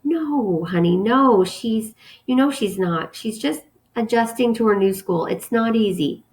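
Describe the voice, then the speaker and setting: A woman voicing a tired, loving mother who speaks in a hushed, soothing way at bedtime. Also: fairly high pitch, measured pace, pitched above the performer's own voice.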